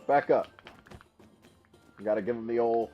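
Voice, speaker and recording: A man streaming a game for the first time, commentating excitedly, laughing and trash-talking his opponent. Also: mid-range voice, a little slow, muffled recording, faint music behind. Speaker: gaming streamer. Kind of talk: casual live gameplay commentary.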